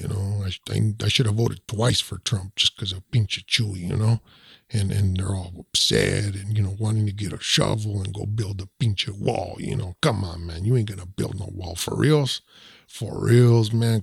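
A streetwise man rants loosely and slangily, scattering words through his talk. His lowish voice is deeply gravelly and husky. The sound is close and dry. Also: no room sound. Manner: streetwise, drawling, peppers talk with 'man' and 'you know'. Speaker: podcast guest. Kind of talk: casual ranting chat.

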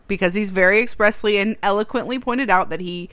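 A woman's voice: mid-range voice, a little fast, fairly bright tone, clean tone, no room sound. A woman co-hosting a casual parenting podcast, telling stories about her kids and teasing her partner. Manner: storytelling, teasing, laughs often. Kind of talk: casual chat.

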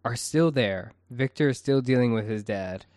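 A man's voice: medium pitch, moderate pace, darkish tone, dry recording, studio quality. A man co-hosting a podcast in casual chat, hesitant and searching for words. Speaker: podcast co-host.

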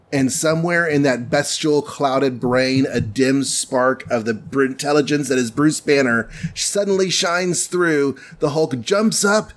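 A man casually recapping a comic book story on a podcast, playfully acting out the characters' lines. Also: mid-range voice. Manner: playful, acts out characters in quick voices.

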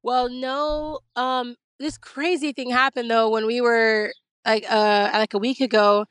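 A woman guest telling stories in a lively, casual way, laughing often, talking from a coffee shop over a remote call. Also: on the high side, unhurried, clear, resonant tone, dry recording. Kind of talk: casual storytelling chat. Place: coffee shop in a small town.

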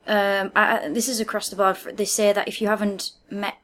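A woman's voice: mid-range voice, little pitch movement, brisk, a bit bright. Chatty woman hedging her opinions. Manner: hedging, chatty, lots of "I think" and "I feel like". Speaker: podcast co-host. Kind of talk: casual conversational chat. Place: living in China.

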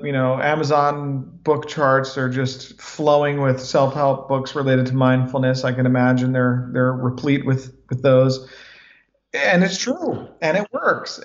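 A man in his forties, a podcast guest speaking in a calm and reflective way. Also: a little high. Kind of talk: podcast interview. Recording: roomy, dull lo-fi sound.

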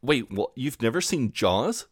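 A man co-hosting a podcast, chatting casually about a TV episode, relaxed and swearing now and then as he quotes the characters. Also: medium pitch, a little slow, husky, no room sound, clean studio sound. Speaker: podcast co-host. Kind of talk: casual chat recapping a TV episode.

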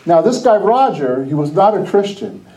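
On a Christian podcast, a middle-aged host from New Jersey shares personal stories at normal speed in a rather high, soft, mellow voice. He keeps things lively and casual, laughing often and acting out what people said, though the audio quality is poor.

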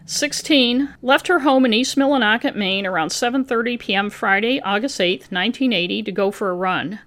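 A woman's voice: fairly high pitch, moderate pace, fairly bright tone. A woman hosting a podcast, reading her own true-crime script with casual asides to her co-host. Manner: reads a researched script with asides.

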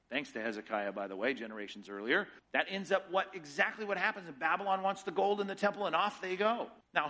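A man's voice: a little high, bright, forceful tone, low-quality recording. A middle-aged man preaching a sermon as pastor, teaching with emphatic rhetorical questions.

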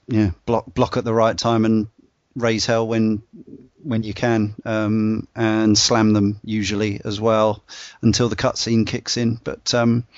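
A podcast host with a lowish male voice leads a casual discussion, rambling with lots of fillers and restarts. The recording is dull, dry, and lo-fi with no echo.

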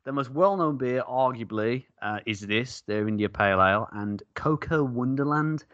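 A man's voice: mid-range voice, lively intonation, normal speed, a bit bright, no echo, muffled recording. A man co-hosting a casual beer-tasting podcast, jokey and rambling, laughing often. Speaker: podcast co-host.

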